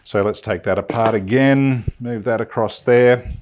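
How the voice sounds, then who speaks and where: A man's voice: medium pitch, unhurried, darkish tone, a little hiss or hum. A man giving a casual, chatty sewing demonstration in a studio, enthusiastic and thinking aloud with fillers. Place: film studio.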